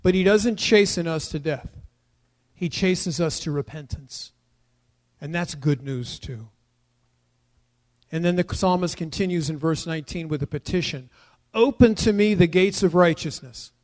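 A middle-aged man preaching a sermon, emphatic and building to loud declarations. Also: fairly high pitch, normal speed, long pauses. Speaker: pastor.

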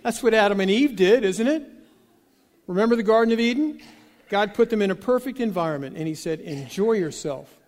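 High-voiced preacher in a reverberant hall. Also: male voice, fairly quick. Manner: folksy storytelling with jokes; animated, acts out dialogue. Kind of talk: sermon.

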